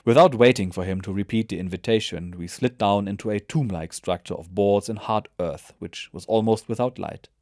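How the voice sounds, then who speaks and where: A man narrating a war memoir in a measured, even reading voice. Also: lowish voice, dry recording, clean studio sound.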